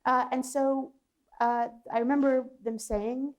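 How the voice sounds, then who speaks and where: A woman's voice: high voice, steady tone, unhurried. A woman psychologist speaking as an interview guest, telling a personal story in an earnest, reflective way. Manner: earnest, reflective, with frequent restarts and laughs.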